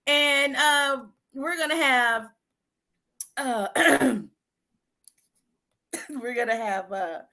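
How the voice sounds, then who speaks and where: A woman's voice: high voice, extremely slow, pauses often, sharp tone. A woman hosting a live online improv show with a mock Southern accent, playfully calling turns. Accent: put-on Southern US. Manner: playful emcee, calls the turns. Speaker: improv host.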